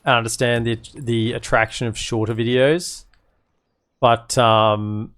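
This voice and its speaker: A man's voice: mid-range voice, fairly even intonation, a little slow, fairly bright tone. Chatty man streaming a strategy game. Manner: rambling, chatty, filler-heavy. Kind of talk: casual live commentary.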